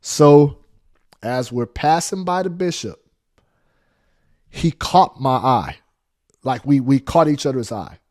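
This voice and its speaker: A man's voice: takes it slowly, pauses often. A man telling a story in a casual monologue, repeating phrases for emphasis. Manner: animated, acts out quotes with big pitch jumps.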